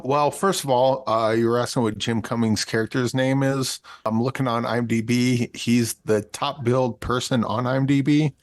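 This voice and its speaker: A man co-hosting a casual movie review podcast, chatty and excited, laughing often. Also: mid-range voice, moderate pace, hardly any pauses, no echo, studio quality. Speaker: podcast co-host.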